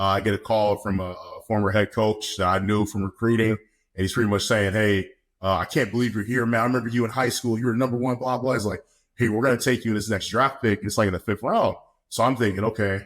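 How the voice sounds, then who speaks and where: A young man with a fairly low voice tells a story in a loose, chatty way. He laughs often and acts out what others said. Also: steady tone, quick pace, a bit bright. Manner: laid-back, laughs often, acts out quotes. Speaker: podcast guest, football player. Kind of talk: casual storytelling.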